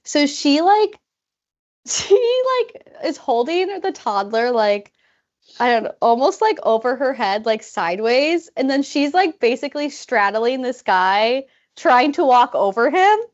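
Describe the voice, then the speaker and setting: A woman co-hosting a podcast, telling a travel story in an animated way, full of "like" fillers and acted-out quotes. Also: high voice, measured pace, muffled recording. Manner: animated, many "like" fillers, acts out quoted people. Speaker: podcast co-host. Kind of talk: casual storytelling chat.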